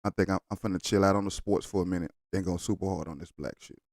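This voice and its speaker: Blunt low-voiced man ranting. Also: steady tone, fast, a little mellow, no echo, clean studio sound. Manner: blunt, heated, argumentative. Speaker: reaction video host. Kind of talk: casual reaction commentary.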